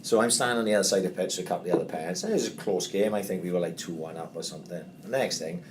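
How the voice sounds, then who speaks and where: A man's voice: low voice, rapid-fire, a little hiss or hum. Swearing man telling stories. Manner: animated storyteller, heavy swearing, acts out quotes loudly. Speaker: podcast host. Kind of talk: casual storytelling chat.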